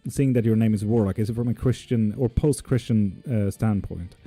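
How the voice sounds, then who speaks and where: A man hosts a live tarot stream. His voice is very dark and mellow, and he sounds laid-back as he reads out chat comments and answers them. He is close to a dry mic, with faint guitar music playing underneath. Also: lowish voice, moderate pace, no room sound. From not Swedish.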